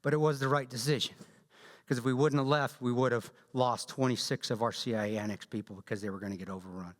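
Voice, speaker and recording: A man with a Southern drawl, speaking as guest speaker and telling his story to a church audience in a blunt, joking, animated way. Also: medium pitch, fast talker. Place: large church hall. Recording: long echo of a large church hall.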